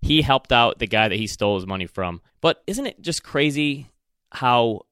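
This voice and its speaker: A podcast co-host with a Michigan accent talks through his opinions in an easygoing, chatty way. His voice is bright and crisp. It is recorded close and dry, at a middle pitch for a man. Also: lively intonation, moderate pace, no room sound. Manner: opinionated, chatty film talk. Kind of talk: casual chat.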